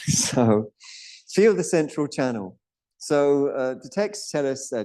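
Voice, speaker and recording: A middle-aged man teaching a live yoga class, explaining breath and chanting practice in a calm, instructive way, with Sanskrit terms along the way. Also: medium pitch, takes it slowly.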